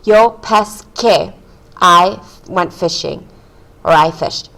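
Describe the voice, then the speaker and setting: A woman's voice: lowish voice, takes it slowly, creaky, a bit bright, poor audio. A woman teacher in a video lesson, patiently drilling verb forms and translations one by one. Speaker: Spanish teacher.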